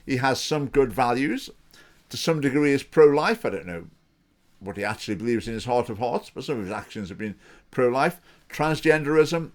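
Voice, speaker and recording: Scottish man, mid-pitched voice, earnest, measured, repeats points for emphasis, political commentary. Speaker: political party spokesman. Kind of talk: opinion commentary to camera.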